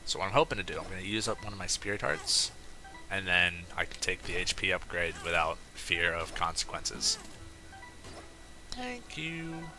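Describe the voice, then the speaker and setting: A man's voice: low-pitched, a little fast, soft background music, low-quality recording. A young man giving casual, rambling commentary over a video game, telling a wry story with lots of restarts and asides. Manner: rambling, self-correcting, wry and animated when telling a story. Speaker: gameplay commentator.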